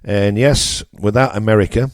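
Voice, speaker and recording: A radio host with a northern English accent holds forth in a blunt, ranting monologue, hammering his points with repetition. His voice sits on the low side, and the recording is dry and close with no room around it. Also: fairly even intonation, moderate pace, no echo. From northern England. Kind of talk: opinionated political monologue.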